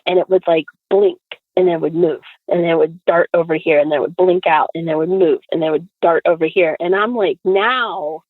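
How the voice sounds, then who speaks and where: Chatty woman guest storyteller, tinny dry phone-line sound, lively delivery. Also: on the low side, brisk, hardly any pauses, dry recording. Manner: chatty, lots of fillers, acts out quotes. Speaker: podcast guest. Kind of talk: animated storytelling.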